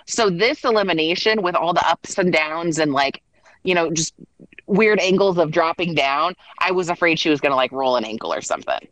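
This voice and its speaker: A woman with a somewhat low voice talks through a show recap in easy, rambling chat. She peppers her talk with fillers and plays out little quotes. The sound is close and dry, with no room around it. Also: brisk, fairly bright tone, no echo, poor audio. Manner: chatty, lots of "like" and restarts, acts out quotes. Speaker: podcast co-host.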